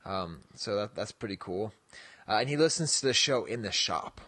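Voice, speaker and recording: A man's voice: on the low side, expressive, moderate pace, sharp tone, slightly rough, no room sound. A man co-hosting a podcast in casual chat, rambling and jokey, laughing often and trailing off with "so". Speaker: podcast co-host.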